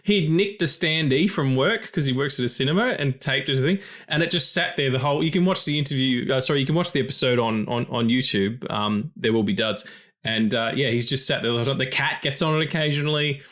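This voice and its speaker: A man's voice: medium pitch, fast talker, a bit bright. A man co-hosting a film podcast, talking loosely and swearing freely. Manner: loose, chatty, swears freely, many fillers. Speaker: podcast co-host. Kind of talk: casual film podcast chat.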